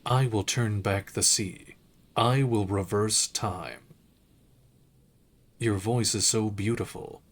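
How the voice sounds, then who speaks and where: A man's voice: on the low side, steady tone, slow, long pauses. A man reading as a drunk, despairing detective. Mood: desperate.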